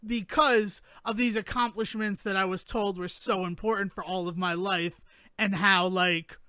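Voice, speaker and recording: A man co-hosting a podcast, chatting casually in an animated, joking, self-mocking way. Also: high voice, moderate pace, clear, resonant tone, dry recording. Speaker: podcast co-host. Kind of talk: casual chat.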